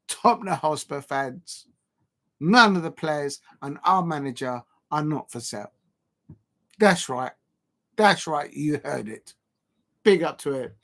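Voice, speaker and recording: High-pitched guy on a live fan stream, teasing rival fans, chanting bits and doing whiny noises. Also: a bit bright. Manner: mocking, banter-heavy, chants and sings snippets. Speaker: fan channel host.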